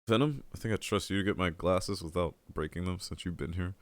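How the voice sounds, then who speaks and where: A man casually commenting while he plays a video game and chats with his viewers, a bit stuffy-nosed, with sudden loud excited outbursts. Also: low voice, a little fast, no room sound. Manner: chatty, talks to chat, loud excited outbursts. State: stuffy nose. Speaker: game streamer. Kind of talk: casual let's-play commentary.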